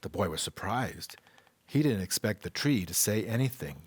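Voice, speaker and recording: A man leading an online worship service, reading a children's story aloud as an expressive storyteller. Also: lowish voice, slightly rough. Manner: expressive storyteller, slow and deliberate. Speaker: worship leader.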